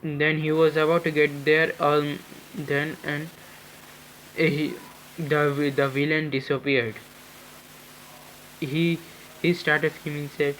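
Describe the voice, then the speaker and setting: A man telling an improvised fan-fiction story in a halting way, with many restarts and fillers. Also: on the high side, level tone, fairly bright tone, slight background noise, rough recording.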